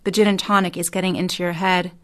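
A woman novelist giving a measured reading of her own second-person fiction. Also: lowish voice, level tone. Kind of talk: literary reading.

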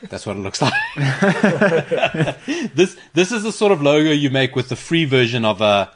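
A man's voice: a little high, big pitch swings, a little slow, slight background noise. Laughing South African man hosting. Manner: playful, laughing often, joking. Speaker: stand-in host. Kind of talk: casual chat. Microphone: studio microphone.

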